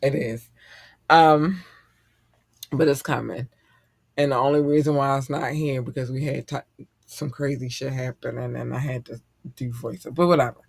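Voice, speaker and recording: A middle-aged man hosting a casual podcast chat, animated and profane and quick to laugh. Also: medium pitch, creaky, slightly rough, dry recording, clean studio sound. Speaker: podcast host.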